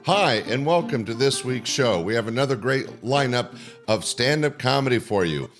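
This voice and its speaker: Steady male podcast host introducing acts. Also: medium pitch, moderate pace, faint music behind. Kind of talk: scripted show introduction.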